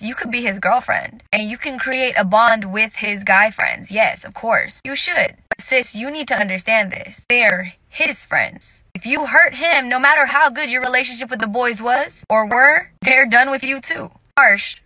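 Sassy bright-voiced young woman, dry sound. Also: a little high, dry recording. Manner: sassy, direct, calls listeners sis. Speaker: dating advice TikToker. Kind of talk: casual advice to camera.

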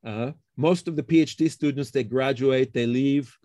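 A middle-aged man, a computer science professor, talks through research history in a relaxed interview and often checks in with "okay?" and "huh?". He acts out the colleagues he quotes. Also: medium pitch, moderate pace, no room sound. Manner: explains with frequent tag questions like okay and huh. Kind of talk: casual interview conversation.

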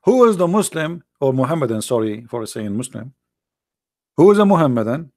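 A man's voice: medium pitch, big pitch swings, brisk, a little mellow, no echo, clean studio sound. A man hosting a livestream who mocks and taunts his viewers in a sarcastic way, often laughing and reading their chat comments aloud. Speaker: livestream host.

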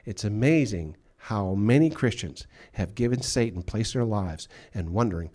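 A man's voice: fairly low pitch, lively intonation, moderate pace, a little mellow. A male pastor delivering a sermon with emphatic delivery, acting out the voices he quotes. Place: church.

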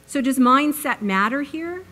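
A woman's voice: sits high, expressive, a little slow, pushed and bright. A woman giving an academic public lecture in an earnest way, with many fillers and restarts, recorded on a microphone in a university lecture hall.

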